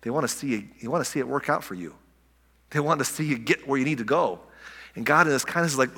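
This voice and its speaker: A man preaching a sermon in a conversational way, restarting phrases and dropping softly on key words. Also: on the high side, expressive, fairly quick, husky, long reverb tail. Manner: conversational preaching with restarts and soft dramatic drops. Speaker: pastor.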